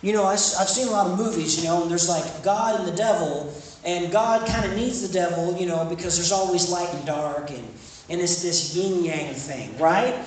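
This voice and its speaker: High-voiced young preacher, echoey room. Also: male voice. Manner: conversational, rising to emphatic. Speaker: preacher at a campus ministry. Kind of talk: sermon. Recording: echoey room, distant mic, faint noise.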